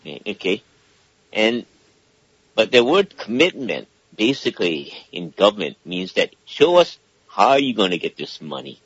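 A man's voice: lowish voice, big pitch swings, measured pace, fairly bright tone, breathy edge, no room sound, lo-fi sound. A man calling in to a talk radio show, explaining at length and checking in again and again with "okay?". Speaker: caller. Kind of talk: casual call-in talk.

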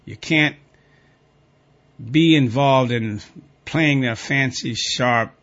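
A man with a mid-range voice reads a list of rules aloud in a plain, steady way. He keeps stopping to add pointed, indignant remarks of his own. The recording is somewhat dull and lo-fi. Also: medium pitch, drawn-out words. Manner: reads text flatly, then breaks off into pointed, indignant asides. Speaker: commentator reading and reacting to guidelines. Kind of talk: reading a document aloud and commenting.

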